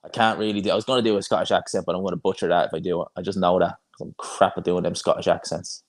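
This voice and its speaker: A young man talks casually on a live stream, answering viewer comments as he goes. He rambles and restarts his sentences, in a voice that sits a little low for a man. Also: little pitch movement, rapid-fire. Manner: chatty, rambling, frequent restarts and fillers. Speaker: boxing YouTuber hosting a live watch-along.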